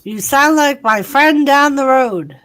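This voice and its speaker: A woman with a Lowell, Massachusetts accent hosts a relaxed livestream chat. She speaks slowly in a fairly high voice, rambling and swearing freely. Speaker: host.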